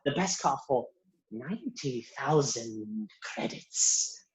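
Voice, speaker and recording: A man voicing a greedy, flirty female alien shopkeeper, drawing out a theatrical sales pitch. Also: lively intonation, slow pace. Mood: salesy. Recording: dull lo-fi recording.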